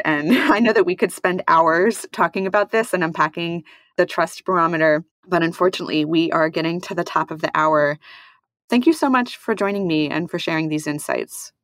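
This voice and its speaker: A woman hosting an interview podcast, thoughtful and measured. Her voice is low-pitched. The recording is dry and close. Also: no echo. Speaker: podcast host.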